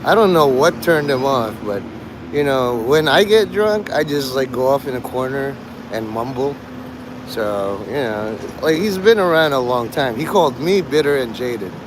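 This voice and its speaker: A man's voice: medium pitch, animated, normal speed, noisy background. A man streaming, rambling in casual commentary, sarcastic and swearing, mocking people. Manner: sarcastic, swears, mocks others in put-on whiny voices.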